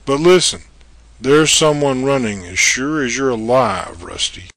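An actor playing a bold, level-headed man exploring an old castle, giving brisk commands. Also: mid-range voice, lively intonation, fairly bright tone, dry recording. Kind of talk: audio drama acting.

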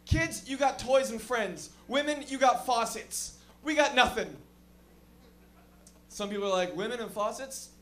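A man's voice: very high voice, a little slow, bright, forceful tone. A man doing a stand-up comedy set in a lounge, rambling and swearing with many fillers. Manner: rambling, profane, frequent fillers.

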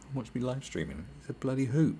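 A man's voice: mid-range voice, sing-song, quick pace, mellow, husky. A British man hosting a podcast, delivering a sarcastic, profane rant. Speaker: podcast host. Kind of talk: podcast monologue.

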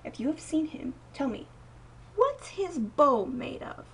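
A woman voicing a wise, gentle woman in a storybook, speaking softly with rising wonder. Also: high-pitched, very animated, a little slow, voice pushed up, heavily acted. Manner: soft, warm, wondering. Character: wise, gentle older sister of a spirit.

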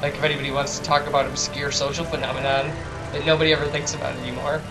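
Man, rambling let's play talker, slightly high voice, game music behind. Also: level tone, rapid-fire, low-quality recording. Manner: rambling, self-deprecating, chatty asides. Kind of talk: casual gaming commentary.

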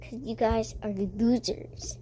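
Casting: spoiled, demanding little girl in a toy role-play story, high and whiny, played by a girl, slow delivery. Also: steady tone, dark tone, slight background noise. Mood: bratty. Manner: pleading, whining.

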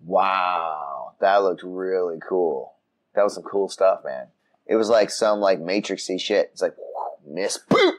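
A man on a casual podcast, telling a story with lively voices for the people in it. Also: deep voice, measured pace. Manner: animated storytelling, acts out voices, frequent restarts. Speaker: podcast co-host. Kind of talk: casual chat. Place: room outside the usual studio.

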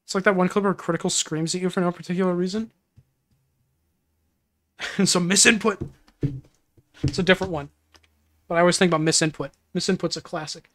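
A woman's voice: on the low side, steady tone, racing. A woman game streamer chatting casually on a livestream, giggly, rambling and easily flustered.

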